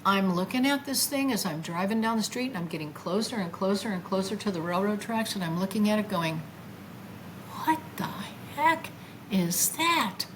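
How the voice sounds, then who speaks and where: A woman in her seventies telling a personal testimony, animated and acting out her own past exclamations. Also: medium pitch, brisk, hardly any pauses, slight background noise. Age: 70s. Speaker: near-death experience witness.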